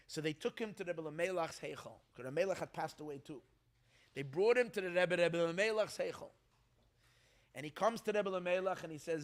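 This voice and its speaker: A rabbi tells stories to a gathering in a lively, halting way and often restarts his sentences. His voice is pitched high for a man. Its timbre is bright and forceful. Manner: animated, halting, with frequent restarts. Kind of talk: storytelling talk.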